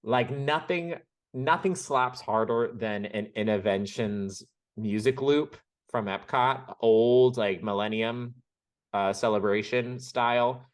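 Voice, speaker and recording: A man's voice: medium pitch, slow pace. A man co-hosting a podcast in casual chat, playful and teasing. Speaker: podcast co-host.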